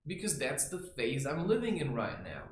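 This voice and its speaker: A man's voice: fairly high pitch, very animated, normal speed, a little hiss or hum. A man giving a rambling spiritual monologue, blunt and profane, often tossing in "right?" and "you know". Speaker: creator sharing spiritual advice. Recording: roomy echo with faint ambience.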